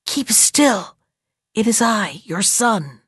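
A woman's voice: fairly high pitch, big pitch swings, moderate pace, darkish tone, dry recording, clean studio sound. A woman voicing an earnest little boy. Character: clever, brave little boy.

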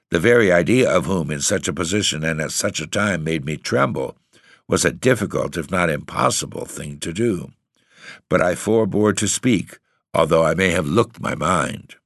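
Deep-voiced man reading a story. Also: fairly bright tone, dry recording, clean studio sound. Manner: measured, formal, old-fashioned phrasing. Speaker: audiobook narrator. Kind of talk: scripted narration.

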